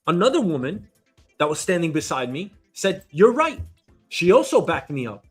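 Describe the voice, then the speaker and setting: A man, hosting his own show and telling a story as an indignant, animated rant. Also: fairly high pitch, normal speed, breathy edge, faint music behind. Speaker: show host. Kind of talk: casual ranting monologue. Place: New York.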